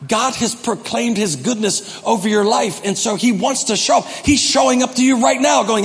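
Man, pastor, impassioned sermon, high voice, reverberant church hall, faint music. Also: moderate pace, few pauses. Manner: impassioned, acts out quoted voices.

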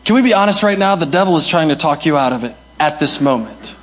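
A man's voice: on the high side, lively intonation, fast talker, fairly bright tone. A young male pastor preaching a sermon, emphatic and repeating his key phrases. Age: young adult. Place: church hall.

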